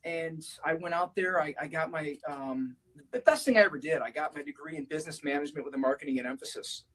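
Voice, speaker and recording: A man's voice: a little high, fast, fairly bright tone, slight background noise, poor audio. A man from Chicago answering interview questions in a casual, reflective way, with many fillers. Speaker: guest.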